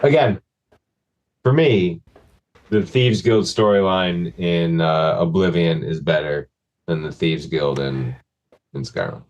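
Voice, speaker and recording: Comedian guest, male, slightly low voice, self-deprecating and loose. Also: slow, pauses often, highs cut off. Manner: self-deprecating, animated, filler-heavy. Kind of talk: casual chat.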